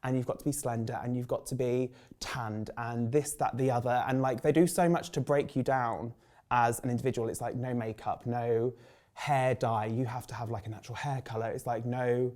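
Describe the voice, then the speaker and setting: A man in his thirties from England with a Birmingham accent, a drag performer telling lively stories in an interview, acting out other people's voices and filling his talk with "like". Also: medium pitch, moderate pace. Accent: Birmingham English. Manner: animated, acts out quoted voices, many "like" fillers. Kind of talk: casual storytelling interview.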